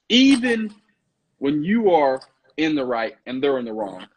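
A man's voice: fairly high pitch, big pitch swings, unhurried. A married man co-hosting a faith podcast, cheering his partner on with call-and-response interjections before reflecting on humility in marriage. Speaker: co-host. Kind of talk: casual podcast conversation. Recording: dull lo-fi sound.

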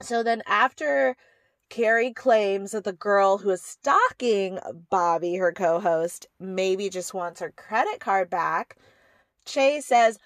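A woman's voice: medium pitch, slow pace, fairly bright tone, no room sound, clean studio sound. A woman hosting a podcast, ranting sarcastically about a TV show with exasperated asides and laughs. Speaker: podcast host reviewing a TV show. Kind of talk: casual ranting review.

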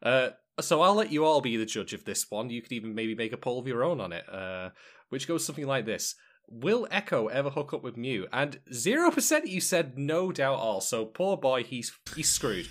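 A man's voice: mid-range voice, big pitch swings, normal speed. A man hosting a podcast in casual chat, who rambles with wry jokes and asides. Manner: rambling, wry and joking, many fillers and asides. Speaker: podcast host.

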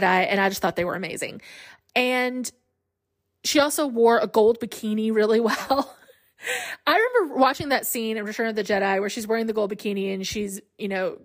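Chatty woman podcast host. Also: on the high side. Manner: chatty, animated, laughs often. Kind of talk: casual solo podcast chat.

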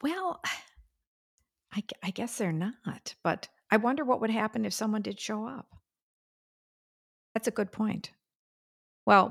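An older woman co-hosting a podcast, chatting casually and telling stories with drawn-out fillers and sighs. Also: fairly low pitch, creaky, a bit bright. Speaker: podcast co-host. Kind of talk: casual chat.

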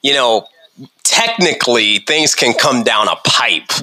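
A man's voice: medium pitch, expressive, unhurried, bright, forceful tone, slight background noise, poor audio. A man hosting a casual podcast chat, quizzing his co-hosts in a playful, teasing way. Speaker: podcast host.

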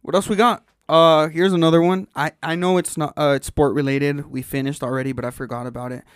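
Man, slightly high voice, teasing casual host who keeps asking questions, dry close sound. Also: level tone, fairly quick, clean tone, dry recording. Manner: playful, teasing, moves the talk along with questions. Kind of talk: casual podcast chat.

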